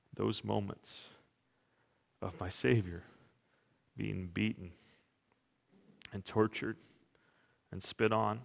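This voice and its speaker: A man's voice: lowish voice, creaky. Earnest preacher man in a reverberant hall. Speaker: pastor. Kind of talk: sermon.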